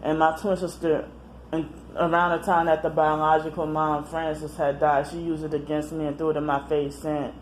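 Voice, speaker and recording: A woman talking casually to camera in a personal monologue, rambling, halting and often correcting herself mid-sentence. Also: sits low, flat delivery, slight background noise. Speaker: vlogger.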